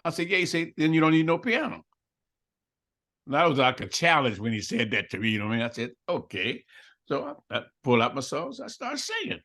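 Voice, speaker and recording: A man's voice: on the high side, very animated, a little fast, pushed and bright. An older man telling a story in an interview, acting out both sides of the dialogue and laughing often. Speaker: interview guest.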